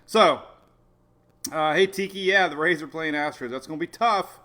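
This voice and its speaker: Excitable rambling man hosting a livestream. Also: fairly high pitch, moderate pace. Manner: excitable, rambling, laughs often. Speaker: weather livestream host. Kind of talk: casual livestream chat. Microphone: phone or webcam on a live video stream.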